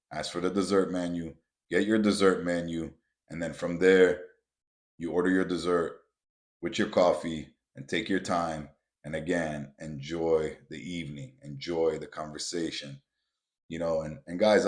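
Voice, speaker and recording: Blunt, profane deep-voiced man. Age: adult with children. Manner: blunt, profane, builds to loud emphatic rants. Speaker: podcast host. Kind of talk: motivational podcast monologue.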